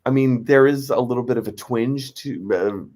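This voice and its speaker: A man from Western Pennsylvania chats with a friend in a loose, rambling way. He hesitates and fills the gaps. His voice sits at a middle pitch. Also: moderate pace, darkish tone. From Western Pennsylvania, United States. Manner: rambling, hesitant, uses lots of fillers. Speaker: co-host friend. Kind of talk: casual conversation.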